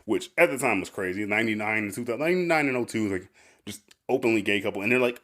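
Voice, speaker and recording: Male podcast host, casual chatty delivery, filler-heavy and quick to laugh, lowish voice. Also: animated, fairly bright tone.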